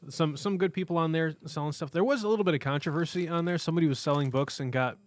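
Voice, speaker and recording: Talking fast in a slightly high voice, a male co-host rambles about comics on a casual podcast recorded in a comic shop, often correcting himself.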